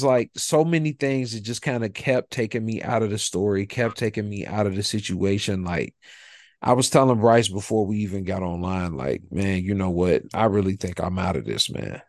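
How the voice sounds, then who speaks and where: A man co-hosting a podcast, talking in a relaxed, rambling way with lots of fillers. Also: on the low side, dry recording, studio quality. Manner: laid-back, rambling, filler-heavy talk. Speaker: podcast co-host. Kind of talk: casual chat.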